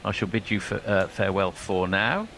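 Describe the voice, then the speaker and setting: Gravelly low-voiced cricket commentator. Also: male voice, normal speed, very noisy. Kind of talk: ball-by-ball radio commentary.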